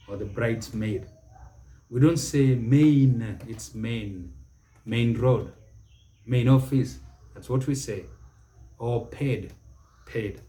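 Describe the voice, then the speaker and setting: A middle-aged man hosting a spoken lesson, repeating each word slowly and deliberately for emphasis. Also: medium pitch, mellow. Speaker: pronunciation teacher and show host. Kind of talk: spoken English lesson to camera.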